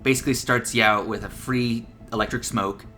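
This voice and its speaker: Young male gaming creator, bright tone, casual profane tips delivery, light music underneath. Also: medium pitch, steady tone, fairly quick. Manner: loose and profane, laughing at his own jokes. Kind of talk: casual gameplay tips commentary.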